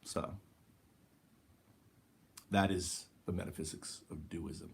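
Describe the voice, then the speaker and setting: A man hosting a casual spiritual monologue, rambling and searching for words with many fillers, drifting quieter and slower at times. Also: sits low, little pitch movement, gravelly, a little hiss or hum. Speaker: host.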